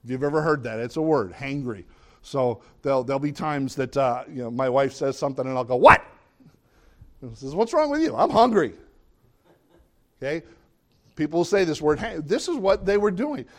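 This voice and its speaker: A man preaching a sermon as a pastor, conversational and animated, often questioning the audience and acting out what people say. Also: mid-range voice, fairly quick. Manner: animated, acts out quoted voices.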